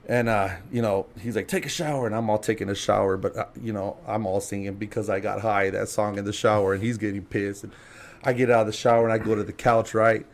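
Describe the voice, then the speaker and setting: A man telling a story as a podcast guest, casual and animated, laughing and acting out other people's lines. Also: on the low side, quick pace. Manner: animated, laughing, acts out quotes.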